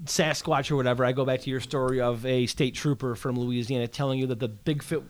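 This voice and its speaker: A man's voice: mid-range voice, fairly even intonation, fast, few pauses. A man co-hosting a podcast, chatting in a loose, teasing, joking way. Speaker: podcast co-host. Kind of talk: casual chat.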